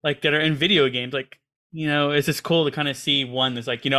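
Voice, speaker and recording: A man's voice: a little high, steady tone, fast, sharp tone, no room sound. A man co-hosting a casual podcast chat, rambling with lots of fillers. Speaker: podcast co-host.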